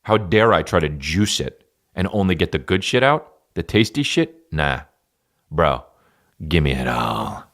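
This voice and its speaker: A man hosting a podcast, riffing in a rambling, profane comic style with sudden loud jumps. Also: sits low, sing-song, a little slow. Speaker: podcast host and stand-up comedian. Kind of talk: casual solo podcast rant.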